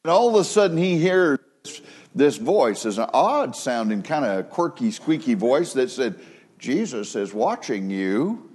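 A man's voice: mid-range voice, sing-song, normal speed, a little mellow, breathy edge. A male pastor preaching a sermon, telling folksy stories and rising into emphatic preaching. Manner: folksy storytelling with a preaching rise; laughs at his own joke.

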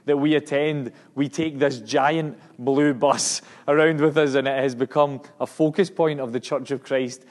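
A man's voice: medium pitch, steady tone, moderate pace, few pauses. A man with a Scottish accent giving a sermon and mission report to a congregation, earnest and emphatic, often restarting his words. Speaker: missionary preacher.

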